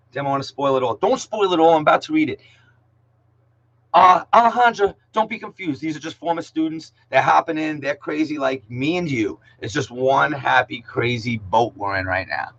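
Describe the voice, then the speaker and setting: A man's voice: a little high, fairly bright tone, muffled recording. A man, teaching an online class in a casual, jokey way, slangy, saying "yo" a lot and calling out students by name. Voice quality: slangy, peppers speech with "yo". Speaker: middle school English teacher.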